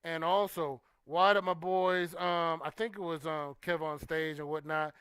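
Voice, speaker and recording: A man hosts a casual chat show, talking loosely and trailing off into soft "you know"s between points. His voice is bright, crisp and a little higher than usual for a man. The sound is dry and close. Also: unhurried, no echo. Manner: relaxed and conversational, with frequent "you know" and "um", trailing off quietly. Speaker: host of a livestream talk show. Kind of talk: casual chat, reading and answering viewer comments.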